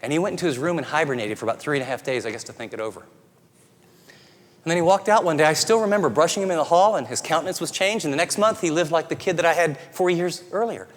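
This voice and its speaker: A middle-aged man preaching a sermon, earnest and conversational, often dropping to soft, tender tones. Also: fairly high pitch, fast. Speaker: pastor. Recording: long reverb of a large hall.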